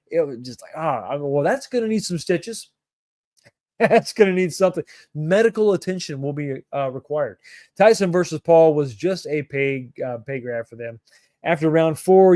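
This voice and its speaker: A middle-aged man talks loosely to his livestream audience, joking and calling out viewers by name. His voice sits a touch high for a man. The sound is dry and close, with no room around it. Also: darkish tone, dry recording. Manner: laid-back, jokey, greets viewers by name. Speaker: livestream host reading chat. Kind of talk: casual chat.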